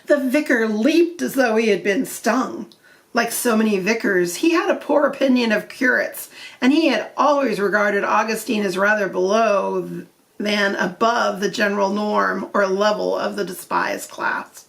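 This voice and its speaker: A woman narrating a comic story aloud for her channel, in a calm, even storytelling manner. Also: mid-range voice, unhurried, gravelly, distant mic. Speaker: audiobook narrator.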